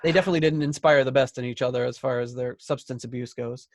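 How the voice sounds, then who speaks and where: A man's voice: mid-range voice, steady tone, quick pace, no echo, studio quality. A man co-hosting a podcast in casual chat, joking around and reading out listener posts. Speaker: podcast co-host.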